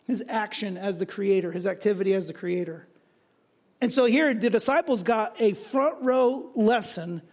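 High-voiced pastor preaching conversationally. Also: male voice. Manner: conversational, animated, often tags lines with "right?". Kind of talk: sermon.

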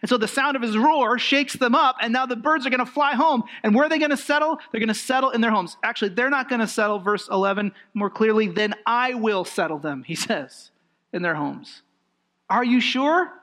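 A man preaching a sermon, emphatic and animated, with rhetorical questions and lively swings in emphasis. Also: very high voice, brisk. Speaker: pastor.

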